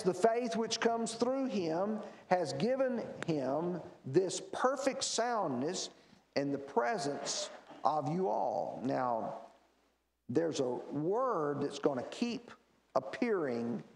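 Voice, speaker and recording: A man's voice: a little high, darkish tone. A man teaching a Bible class in a church, explaining verses and asking the class rhetorical questions. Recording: echoey church room.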